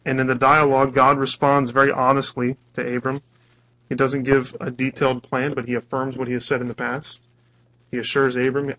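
Male pastor, earnest conversational sermon, middle pitch, muffled lo-fi recording. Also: level tone, a little fast, fairly bright tone. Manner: earnest, conversational, restarts words. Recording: dull lo-fi recording.

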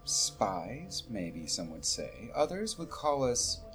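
A man narrating as game master of a tabletop fantasy game, playful and quick to laugh. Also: lowish voice, very animated, fairly bright tone, faint music behind. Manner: playful, often breaks into laughter.

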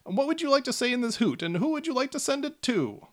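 A smug little gnome salesman with a pushy, showy pitch, as a game master puts him on. The voice is high and bouncy, far above an ordinary man's speaking range. It comes across as a tabletop game character voice. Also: big pitch swings, fast. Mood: eager.

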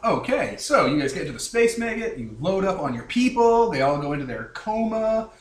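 Animated man narrating as game master. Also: sits high, a little fast, few pauses. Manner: animated, jumping into silly sound effects. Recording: roomy distant mic with faint hiss.

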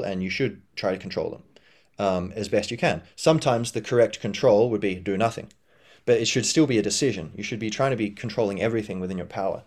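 A man with a fairly low voice hosts a podcast in a loose, reflective monologue. He rambles, restarts his sentences and fills the gaps with "um" and "you know", now and then jumping up in pitch to act out an imagined inner voice. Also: a little mellow. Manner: rambling, full of fillers and restarts. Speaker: podcast host.

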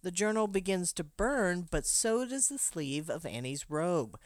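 A woman's voice: on the low side, expressive, unhurried, no echo, studio quality. A woman recapping a film plot for a podcast, telling the story with joking asides. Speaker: podcast co-host. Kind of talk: movie plot recap and casual chat.

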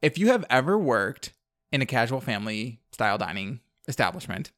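A man's voice: medium pitch, sing-song, brisk, fairly bright tone, no echo. A young man co-hosting a podcast, recapping a movie in rambling casual chat full of "like" and laughter. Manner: rambling, filler-heavy, laughing often. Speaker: podcast co-host.

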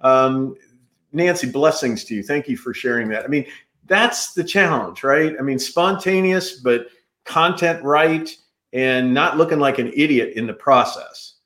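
Rich: A lively male host leading a live-streamed video-call interview, cutting in with quick asides. His voice sits in a middle register. The sound is roomy, with echo around him. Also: mid-range voice. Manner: energetic, jumps in, fast asides.

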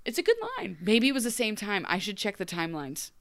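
A woman co-hosting a casual podcast, speaking at an ordinary middle pitch. She gushes about the episode, laughs easily and slips into the characters' voices. The sound is dry and close. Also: lively intonation, quick pace, fairly bright tone, dry recording. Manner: gushing, laughs often, acts out characters' lines. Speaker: podcast co-host. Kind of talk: casual chat.

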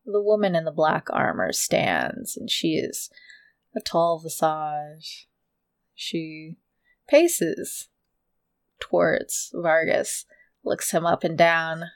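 A woman narrating a tabletop game as game master in a slow, low-key descriptive way. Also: very animated, vocal fry, dry recording.

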